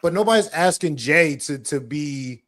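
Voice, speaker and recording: A man co-hosting a wrestling podcast, blunt and animated, breaking into quick impressions as he rants. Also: fairly high pitch. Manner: blunt, animated, mimics wrestlers mid-rant. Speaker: podcast co-host. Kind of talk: casual wrestling chat.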